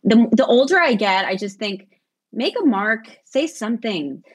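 Husky woman, chatty and laughing. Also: a little high, normal speed. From American South. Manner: warm, chatty, laughs often, animated storytelling. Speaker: actress and interview guest. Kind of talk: casual interview chat.

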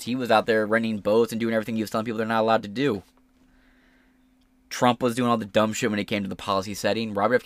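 A man hosting a podcast, giving casual commentary in swearing, animated rants. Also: on the low side, no echo. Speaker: podcast host.

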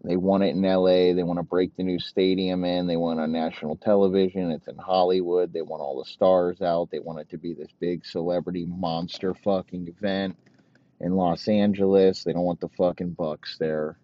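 A man with a very low voice rants crudely and rambles, swearing constantly in mock outrage. The recording is dull and dry, with no room echo. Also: little pitch movement, moderate pace. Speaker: podcast host. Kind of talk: profane comedic rant.

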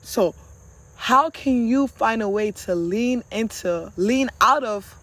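A candid, conversational voice giving casual motivational advice to camera. The speaker talks to listeners directly and familiarly, with a middling pitch. Now and then a blunt swear word slips into the talk. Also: measured pace, a bit bright. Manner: candid, conversational, with occasional profanity.

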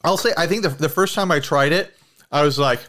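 A man's voice: a little high, fairly quick, pushed and bright. A man co-hosting a podcast in loose, rambling, jokey chat. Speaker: podcast co-host. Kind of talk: casual chat.

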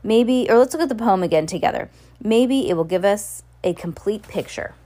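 A woman's voice: mid-range voice, animated, moderate pace, mellow, lightly acted. A woman reading the lines of a practical, inventive teenage girl who asks questions and makes plans. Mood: questioning.

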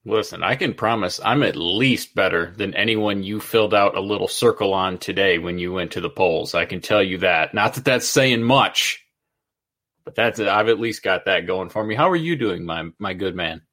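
A man's voice: sits low, moderate pace, pushed and bright. A man co-hosting a podcast, joking and running himself down in casual banter. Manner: self-deprecating, joking. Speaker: podcast co-host.

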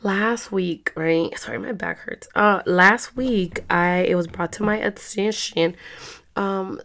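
Young female podcast host, hoarse today, casual and rambling, mid-range voice. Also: mid-range voice, slow, a bit bright. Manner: rambling, chatty, many fillers. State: hoarse, clearing her throat. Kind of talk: casual chat.

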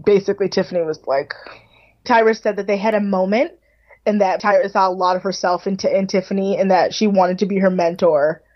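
A woman's voice: mid-range voice, fairly even intonation, brisk. Woman podcast co-host recapping TV, casual chatty delivery, slightly muffled lo-fi sound. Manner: chatty, swears casually, frequent fillers like "like". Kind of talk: casual chat recapping a reality show.

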